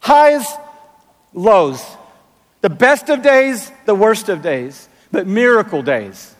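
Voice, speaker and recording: A pastor in his sixties preaching a sermon in a large arena, with emphatic, drawn-out phrasing and playful asides. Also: high voice, big pitch swings. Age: 60s. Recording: long arena reverb.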